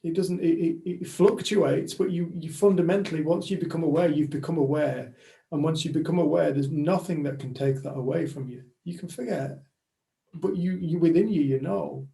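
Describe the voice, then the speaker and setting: Gravelly, mellow man. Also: fairly high pitch, normal speed. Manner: reflective and affirming. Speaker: community group member. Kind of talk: casual group chat.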